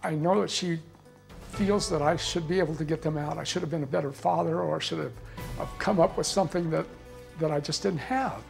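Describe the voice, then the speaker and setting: A middle-aged man, a father appearing as a talk show guest, speaking in a hesitant, halting way. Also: on the high side, creaky, faint music behind. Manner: hesitant, halting, soft-spoken.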